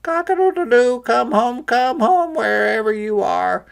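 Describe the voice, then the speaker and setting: A man voicing a rooster that crows loudly in a high sing-song call, calling a lost chick home, in a storybook read-aloud. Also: lively intonation, a little slow, vocal fry, exaggerated voice.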